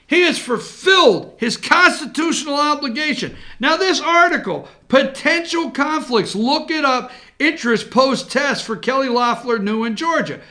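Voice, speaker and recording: A man's voice: very high voice, animated, normal speed, hardly any pauses, bright, forceful tone. A man hosting a political talk show from an office, ranting with sarcasm, indignation and swearing.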